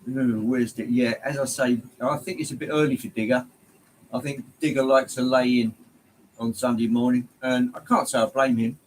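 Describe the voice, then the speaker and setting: A man's voice: mid-range voice, fairly even intonation, normal speed, a little hiss or hum, low-quality recording. A man hosting a casual livestream, greeting viewers by name and rambling along with plenty of ums. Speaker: livestream host. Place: home hobby room, indoors.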